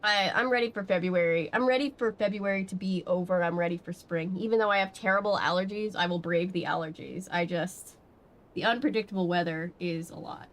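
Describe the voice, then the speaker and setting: A woman's voice: on the low side, a little fast, fairly bright tone. A woman from Georgia with a slight Southern accent, chatting casually with her stream audience in a rambling way. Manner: chatty, rambling with fillers and restarts. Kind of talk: casual live-stream chat.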